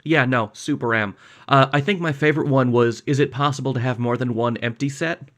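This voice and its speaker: A man's voice: mid-range voice, brisk, fairly bright tone. A young man from Canada co-hosting a podcast in casual chat, with dry, self-mocking humor. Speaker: podcast co-host.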